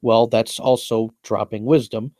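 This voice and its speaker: A young man talks through his own rap lyrics line by line, boasting and repeating himself as he explains each rhyme. His voice is warm and mellow, recorded close and dry. He speaks in a casual, meandering monologue. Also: on the low side, fairly even intonation, a little slow, no room sound. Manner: boastful, repetitive, explains at length.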